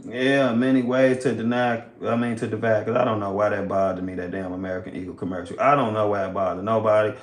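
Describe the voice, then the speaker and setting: A man hosts a livestream, reacting in loose, casual, drawling commentary packed with swearing. His voice is fairly low and level in tone, and he talks fast with few pauses in an echoey room.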